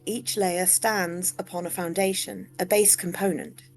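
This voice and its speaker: A woman voicing a dry, sarcastic female AI partner, reading game dialogue aloud in a deadpan way. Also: on the low side, unhurried, faint music behind. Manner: deadpan, teasing.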